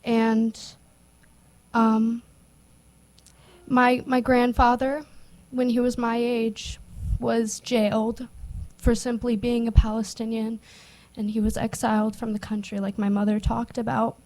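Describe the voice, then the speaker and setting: A young woman giving nervous, emotional testimony at a public hearing, halting with many restarts. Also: fairly high pitch, level tone, a little mellow, low-quality recording. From United States. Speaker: public witness.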